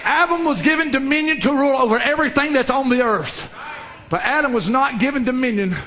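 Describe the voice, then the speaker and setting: A man preaching a sermon with fervour, rising into shouts and dropping to low, quiet lines. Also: fairly quick, highs cut off. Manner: fervent preaching, swinging from shouts to low murmurs.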